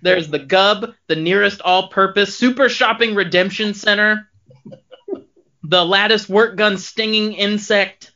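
A man chatting casually with friends about a book, reading quotes aloud in an animated, bemused way. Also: high-pitched, unhurried. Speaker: book podcast co-host. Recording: dull lo-fi sound.

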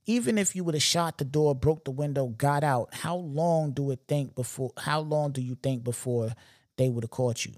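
A man's voice: mid-range voice, darkish tone, no echo, clean studio sound. A man hosting a podcast, retelling stories in a casual, slangy and emphatic way with frequent asides to the listener. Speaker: podcast host. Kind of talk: casual storytelling monologue.

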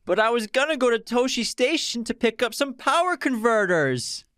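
A man putting on the voice of a whiny young farm boy, complaining in a high, nasal whine. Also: lively intonation, moderate pace, fairly bright tone, clear, resonant tone, no echo, studio quality. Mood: whining.

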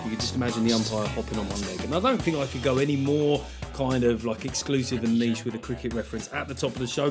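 A man's voice: medium pitch, a little mellow. Wry middle-aged man riffing. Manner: wry, sweary, riffing with jokey asides and silly voices. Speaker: podcast host. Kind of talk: solo comedy podcast monologue.

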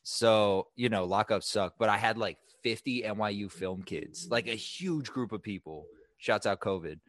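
Tired young man with a very deep voice. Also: moderate pace, a bit bright, no echo. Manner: laid-back slangy storytelling, says dude and bro. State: tired and worn out. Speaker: podcast co-host. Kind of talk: casual chat.

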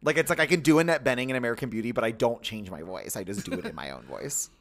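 A man co-hosting a podcast, chatting casually and joking around, sometimes slipping into soft mock voices. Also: medium pitch, racing, vocal fry. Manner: animated, jokey, drifts into soft mock voices. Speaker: podcast co-host. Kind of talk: casual chat.

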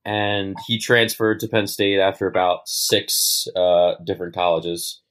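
A young man with a Baltimore accent talks as a podcast guest in a loose, rambling way and laughs easily. His voice sits fairly low. He sounds relaxed and chatty. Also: measured pace. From Baltimore, Maryland. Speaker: guest meteorologist. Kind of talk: casual podcast chat.

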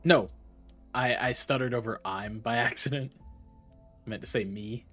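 Playful guy at the game table, normal pitch, bit of music. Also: fairly even intonation, normal speed, a bit bright. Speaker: player.

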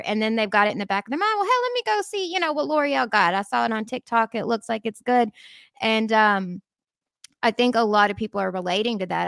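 A woman's voice: medium pitch, a bit bright, no room sound. Woman podcast co-host, blunt and candid, casual swearing, dry close sound. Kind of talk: casual chat.

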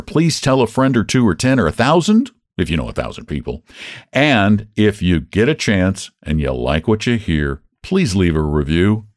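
A man reading a short story aloud as host of a literature podcast, with an expressive storytelling delivery. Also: lowish voice, dry recording, studio quality. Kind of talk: audiobook-style story narration.

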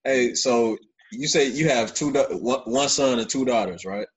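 Husky-voiced man asking questions. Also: medium pitch, moderate pace. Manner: easygoing, laughs along. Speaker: interviewer. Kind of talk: casual interview questions.

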